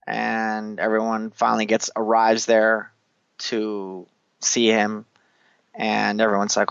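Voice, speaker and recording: A man hosting a casual chat, retelling scenes with animated energy, acting out lines and swearing casually, on a dull, dry recording. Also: fairly low pitch, takes it slowly, vocal fry, clear, resonant tone, no room sound. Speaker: podcast host recapping an anime.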